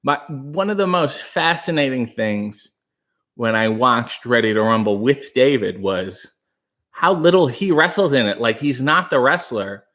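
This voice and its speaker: Casting note: Canadian male livestream host, breathy, quiet delivery, rambling jokes, close-miked. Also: medium pitch, animated, a little slow. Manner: breathy, hushed, rambling and joking. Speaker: livestream host reading chat. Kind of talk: casual live chat. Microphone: new studio microphone.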